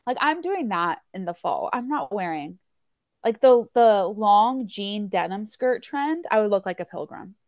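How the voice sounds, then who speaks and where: A woman co-hosting a podcast, talking in a relaxed, emphatic, plain-spoken way. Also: medium pitch, measured pace, dry recording, studio quality. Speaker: podcast co-host. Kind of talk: casual chat.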